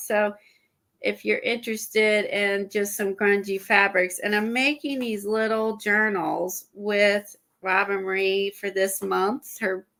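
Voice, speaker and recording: A woman chatting casually on an art livestream, a little out of breath and stuffy, rambling with halting fillers and restarts. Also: medium pitch, fairly bright tone. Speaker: guest showing art supplies.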